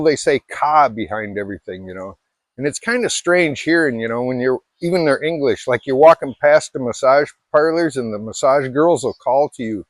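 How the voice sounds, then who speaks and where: A man's voice: medium pitch, no echo. A middle-aged man from Alaska chatting casually to camera, rambling and self-deprecating with many restarts. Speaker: vlogger.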